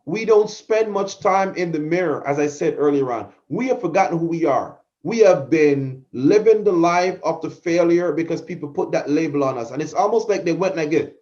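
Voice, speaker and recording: A man's voice: a little high, moderate pace, hardly any pauses, darkish tone, highs cut off. A middle-aged man hosting a podcast, giving a fervent motivational talk that repeats phrases for emphasis. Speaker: podcast host, motivational speaker.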